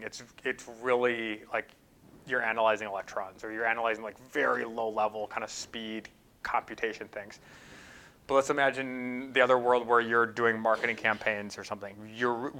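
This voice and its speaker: A man's voice: mid-range voice, bright, forceful tone. A man speaking as a guest at a talk, answering audience questions in a thoughtful way with frequent fillers and restarts. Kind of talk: conference Q&A answers.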